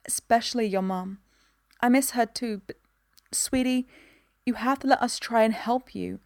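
A woman reading aloud voices a weary, loving foster mother in a storybook. She speaks softly and tenderly, close to a hush, in a dry, close sound. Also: a little high, moderate pace, dry recording, pitched above the performer's own voice, lightly acted. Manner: soft, tender, hushed. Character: gentle tired foster mother, tender and sad.

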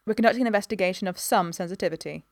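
A woman's voice: medium pitch, rapid-fire, dry recording, clean studio sound, lightly acted. A woman voicing a stern male police inspector who speaks in short, clipped lines.

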